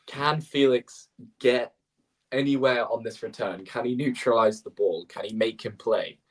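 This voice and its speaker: A man with an ordinary mid-range voice calls each point of a live tennis match as co-host. He talks briskly and corrects himself with quick apologetic asides. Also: mid-range voice. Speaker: co-host calling play-by-play. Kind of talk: live tennis play-by-play commentary.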